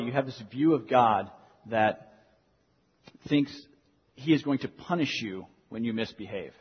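A man's voice: mid-range voice, breathy edge. A young man preaching a sermon as a pastor, earnest, repeating key phrases for emphasis. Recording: dull lo-fi sound in a reverberant hall.

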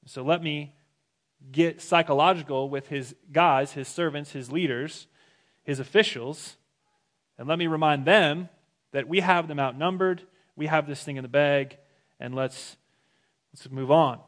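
Male pastor doing a swaggering, taunting envoy, fairly high voice. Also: a little slow, long pauses, a bit bright.

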